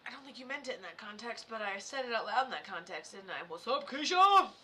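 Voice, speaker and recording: A woman's voice: mid-range voice, sing-song, fast talker, bright, forceful tone, a little hiss or hum. A woman from Florida, a medium live-streaming in a casual, chatty way, swearing now and then and talking straight to viewers. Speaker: psychic medium livestreamer.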